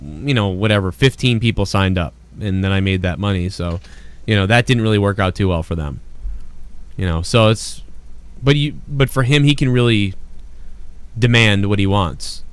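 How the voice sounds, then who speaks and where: A man's voice: on the low side, normal speed, clean tone. A man from Massachusetts hosting a podcast, chatting casually and rambling with lots of fillers and swearing. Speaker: podcast host.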